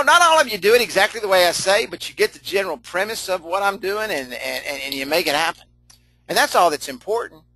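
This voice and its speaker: A middle-aged man with a sharp, high-sitting voice leads a live online training session, folksy and chatty, laughing often, repeating himself, and answering chat comments as he goes. There's no echo, but the audio quality is poor.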